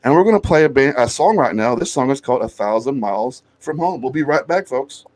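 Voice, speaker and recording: Dude hosting a podcast, cussing and cracking up through a wild story. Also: male voice, mid-range voice, fairly quick, a little hiss or hum. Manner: animated, profane, laughing storyteller. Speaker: podcast host. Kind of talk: casual storytelling chat.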